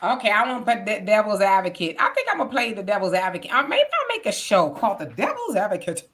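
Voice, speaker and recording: A woman's voice: medium pitch, sing-song, fast talker, fairly bright tone, husky. A woman hosting a casual talk show, probing her guest with skeptical questions. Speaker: host.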